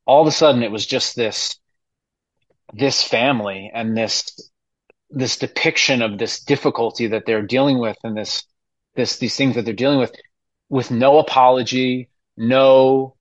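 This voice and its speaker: A man's voice: medium pitch, no echo, highs cut off. Earnest, emotional man in casual interview. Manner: earnest, emotional, rambling with restarts. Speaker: podcast guest, musical theater actor.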